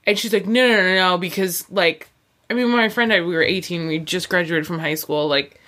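A young woman in casual conversation tells a personal story. Her voice sits a little low for a woman, and she jumps into the voices of the people she quotes, peppering every sentence with "like". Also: fairly quick. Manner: animated, acts out quoted voices, lots of "like".

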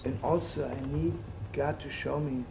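A man's voice: fairly high pitch, steady tone, normal speed, gravelly. A man teaching as a rabbi in a folksy, jokey storytelling sermon, sprinkling in Yiddish and Hebrew words. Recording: noisy old recording.

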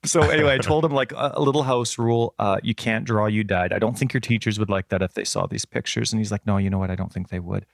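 A middle-aged man with a fairly low voice tells a story in a casual podcast chat, acting out the voices as he goes. The sound is dry and close. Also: fast talker, creaky, hardly any pauses, dry recording. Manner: animated storyteller, acts out quotes. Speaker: podcast co-host.

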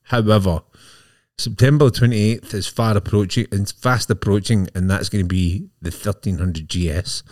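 Jokey man, low dry voice. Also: steady tone, moderate pace, darkish tone, no echo. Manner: jokey, technical explainer. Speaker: podcast co-host. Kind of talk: casual chat, reading bike news. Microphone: podcast mic.

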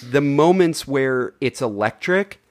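A man's voice: mid-range voice, lively intonation, a little slow. A man co-hosting a casual film review podcast, rambling with lots of filler and swearing freely. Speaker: podcast co-host reviewing films. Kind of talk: casual chat.

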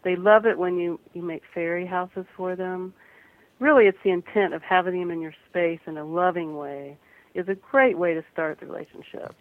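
A woman from the American Midwest, a guest photographer and author, speaking earnestly and gently with some restarts in a radio interview. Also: fairly low pitch, steady tone, normal speed, dry recording. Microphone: phone. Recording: tinny phone line.

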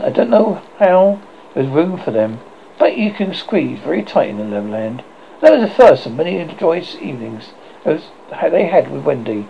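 Gravelly man reading a children's story. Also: a little high, big pitch swings. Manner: halting, self-correcting reading. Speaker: audiobook reader. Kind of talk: reading a children's novel aloud. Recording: dull lo-fi recording with faint hiss.

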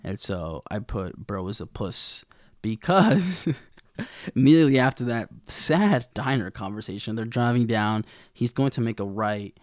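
A man's voice: mid-range voice, animated, unhurried, no echo, studio quality. A young man recapping a TV episode in a rambling, casual way, full of slang and swearing. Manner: rambling, profane slang, lots of fillers. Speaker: TV recap vlogger.

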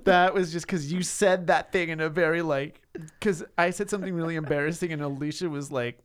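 A man co-hosting a podcast, chatting casually in a playful, camp, animated way. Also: a little high, brisk, slight background noise. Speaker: podcast co-host. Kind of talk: casual chat.

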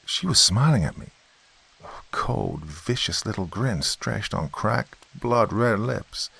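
A man's voice: lowish voice, expressive, slow, creaky, bright, forceful tone, slightly rough, exaggerated voice. A man voicing a protective, stubborn uncle in a spoken horror story, talking in an urgent, shaken way.

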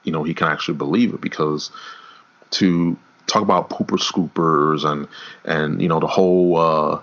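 Deep-voiced man rambling about wrestling. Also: steady tone, normal speed, fairly bright tone. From New York. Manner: rambling, repeats words, swears. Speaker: podcast co-host. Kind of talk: casual wrestling talk. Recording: dull lo-fi audio.

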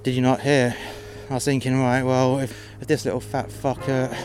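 Bloke ranting about a customer, blunt and sweary, music going in the background. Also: male voice, mid-range voice, monotone, normal speed, darkish tone. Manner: blunt, sweary, exasperated retelling. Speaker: podcast host telling work stories. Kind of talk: casual storytelling monologue.

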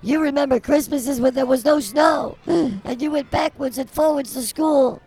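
Someone playing an older woman, husky, gravelly, rambling, theatrical, comedy podcast, faint music behind. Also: mid-range voice, moderate pace. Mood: mock-outraged. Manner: rambling, theatrical, swings to shouting.

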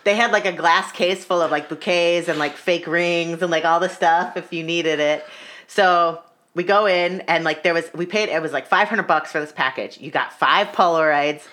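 A young woman tells a story in loose casual chat. Her voice sits a little low, and she keeps dropping in "like" and acting out what people said. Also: moderate pace, a bit bright. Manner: chatty, fillers of "like", acts out quotes.

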